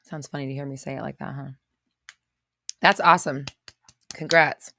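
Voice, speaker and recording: A woman's voice: a bass voice, fairly even intonation, moderate pace, gravelly, bright, forceful tone. A woman hosting a casual livestream, greeting viewers by name and reading out their comments in a chatty way. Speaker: livestream host.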